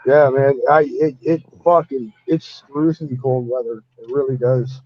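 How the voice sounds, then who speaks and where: A man's voice: medium pitch, steady tone, measured pace. A man telling cold-weather stories in casual chat, heavy with swearing. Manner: profane, storytelling. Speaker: podcast guest telling stories. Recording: dull dry lo-fi audio.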